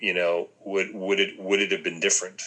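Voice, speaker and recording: A man with a very low voice that still carries a bright, forward edge. He muses aloud in relaxed conversation, pausing and restarting as he gathers his thoughts. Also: poor audio. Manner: reflective, thinks aloud with many ums and restarts. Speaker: podcast co-host discussing a film. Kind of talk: casual conversation.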